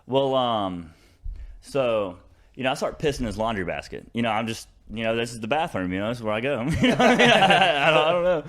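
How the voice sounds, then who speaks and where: A man's voice: medium pitch, big pitch swings, brisk, fairly bright tone. A young man with a Southern American accent, telling a long rambling story on a casual podcast, full of fillers and restarts. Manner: rambling, many fillers and restarts, laughs through stories. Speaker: podcast co-host.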